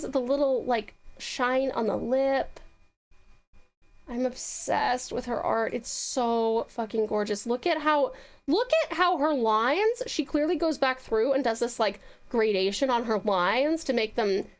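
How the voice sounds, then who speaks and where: A woman with an Australian accent chatting casually on a live stream, bubbly and gushing with lots of fillers. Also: sits high.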